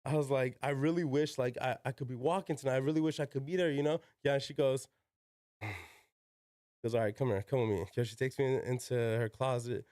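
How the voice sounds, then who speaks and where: Brief: young adult man, podcast guest, clear resonant voice, dry close sound, loose slangy storytelling with cursing. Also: medium pitch, normal speed, darkish tone, no echo. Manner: slangy, peppered with "yo" and "like", swears freely. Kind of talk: casual storytelling.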